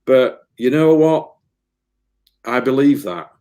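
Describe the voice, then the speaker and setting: A man's voice: medium pitch, lively intonation, slow, dark tone. A man, a medium giving an earnest, emotional interview, often repeating words as he rambles. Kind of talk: casual spiritual interview talk.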